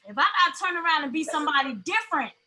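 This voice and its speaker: High, bright-voiced storytelling woman. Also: racing, rough recording. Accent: African American English. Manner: animated storyteller, laughs often. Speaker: podcast co-host. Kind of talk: casual chat.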